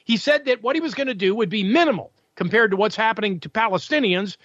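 A man's voice: high-pitched, quick pace, a bit bright, no echo, dull audio. A male talk radio host delivering an opinionated, combative monologue full of sarcasm and rhetorical questions.

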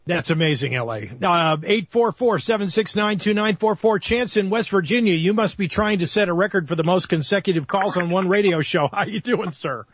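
A man hosting a call-in radio show, briskly introducing callers in a friendly way. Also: high voice, no echo, dull audio. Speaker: radio host. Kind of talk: taking calls on a radio show.

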